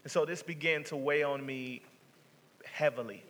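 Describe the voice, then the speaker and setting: Man, pastor, conversational sermon, bright voice, echoing church hall. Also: a little high, fairly even intonation, moderate pace. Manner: conversational preaching, many restarts. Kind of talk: sermon storytelling. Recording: reverberant sanctuary sound.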